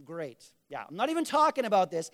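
A man's voice: sits high, sing-song, fairly quick, a bit bright. A man preaching a conversational sermon, acting out little quoted exchanges and asking the congregation to respond. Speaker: pastor.

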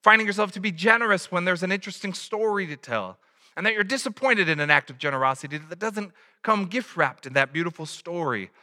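A man's voice: high voice, fairly quick, sharp tone, in a large hall. A man preaching a sermon in a conversational way, a father who acts out little quotes. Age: adult, has a child. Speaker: pastor.

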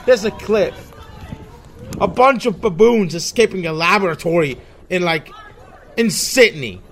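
A young man hosts his podcast alone, ranting sarcastically with a stream of swearing. His voice sits high for a man. He takes his time, drawing out his jabs at a slow pace. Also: expressive, a faint crowd, a little hiss or hum. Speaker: podcast host. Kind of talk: solo rant podcast.

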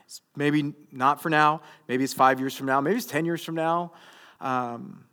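A male pastor in his thirties preaching a conversational, jokey sermon that builds to loud, emphatic stretches. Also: on the high side, fairly even intonation, a little slow. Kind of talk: sermon to a young adult group.

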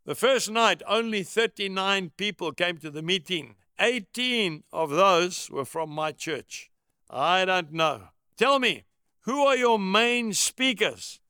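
A man's voice: high-pitched, lively intonation, takes it slowly, bright, forceful tone, clean tone, no room sound, studio quality, exaggerated voice. A man reading the part of a blunt, frank male small-town pastor in an audiobook.

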